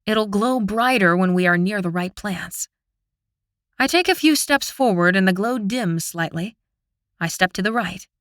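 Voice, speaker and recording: Woman, audiobook narrator, first-person fantasy, dramatic, bright forceful voice, dry close recording. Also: mid-range voice, dry recording. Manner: dramatic, expressive storytelling.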